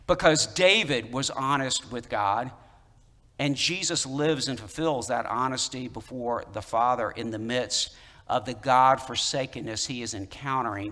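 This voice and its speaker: A man's voice: mid-range voice, bright, forceful tone. A man in the role of pastor preaching a sermon in a conversational, emphatic way, repeating key phrases. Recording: long hall reverb.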